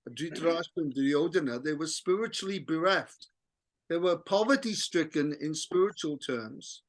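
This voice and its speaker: A man leading an online reading group, earnestly explaining scripture with many fillers and restarts. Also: fairly high pitch. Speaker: scripture class leader.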